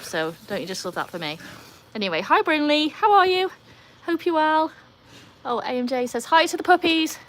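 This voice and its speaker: A woman's voice: mid-range voice, fairly bright tone, a little hiss or hum. A woman from North Yorkshire with a Yorkshire accent, hosting a live stream and chatting casually with wry, self-mocking asides. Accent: North Yorkshire English. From North Yorkshire, England. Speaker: livestream host.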